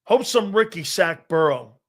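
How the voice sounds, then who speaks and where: A man's voice: high voice, expressive, a little slow. A middle-aged man hosting a sports talk show, telling boastful, profane stories in a casual chat and laughing often.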